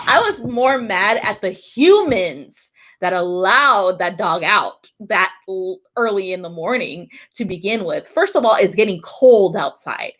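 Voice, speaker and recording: A woman's voice: mid-range voice, a bit bright. A young woman hosting a live tarot stream, chatting casually, laughing often and swearing now and then.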